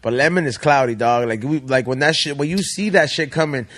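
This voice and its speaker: A man, hosting a podcast and telling stories in quick, profane, slang-heavy chat. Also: medium pitch, fairly bright tone. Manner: fast, slangy, profane chatter. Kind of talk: casual chat.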